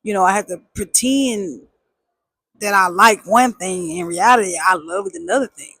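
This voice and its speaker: A woman telling a personal story in a casual, animated way, with emphatic repeats and slang. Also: medium pitch, moderate pace, slightly rough, dry recording.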